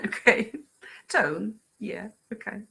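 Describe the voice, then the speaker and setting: A woman running an online training session for teachers, lively and often checking in with her group by asking "right?" and "yeah". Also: mid-range voice, drawn-out words, creaky. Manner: frequent fillers and brief laughs.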